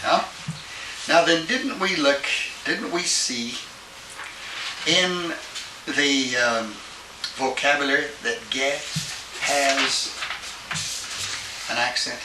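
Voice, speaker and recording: A man's voice: mid-range voice, very slow, pauses often. An older man teaching Greek grammar in a classroom lecture, patiently checking in with his students as he goes. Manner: patient, checks in with "all right?". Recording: old tape, roomy and distant with hiss.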